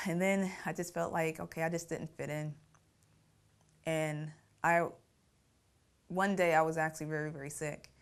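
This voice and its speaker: A woman's voice: deep voice, clean tone. A middle-aged woman telling her family story in an interview, reflective and often laughing through painful memories. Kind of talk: personal storytelling.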